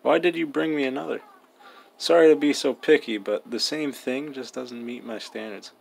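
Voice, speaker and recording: A man's voice: medium pitch, normal speed, vocal fry, husky, pitched above the performer's own voice, poor audio. A man doing a fussy, suspicious game neighbor lady. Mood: picky. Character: picky woman neighbor in a video game.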